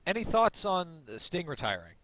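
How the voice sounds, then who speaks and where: A man hosting a casual podcast chat, excitable and stammering over his words. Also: sits high, moderate pace, slight background noise. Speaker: podcast host.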